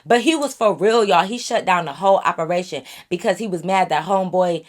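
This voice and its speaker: A woman vlogger telling a casual storytime, animated and chatty, talking straight to her viewers. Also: fairly low pitch, fairly quick.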